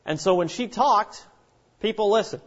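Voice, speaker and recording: Male preacher, slightly high voice, lively delivery with acted-out quotes, muffled lo-fi recording. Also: moderate pace. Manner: animated, acts out quoted voices. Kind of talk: sermon. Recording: dull lo-fi recording.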